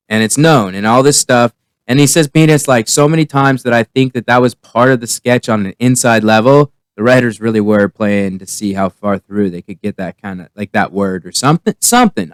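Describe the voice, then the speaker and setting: A man's voice: mid-range voice, clear, resonant tone, no room sound. A man giving a casual, rambling spoken review, often restarting his sentences. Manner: rambling, with many restarts and fillers. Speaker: TV comedy reviewer.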